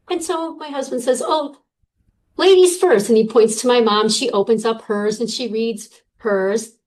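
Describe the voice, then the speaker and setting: A middle-aged woman guest telling a personal story in a casual, animated way, with many fillers. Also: a little high, poor audio.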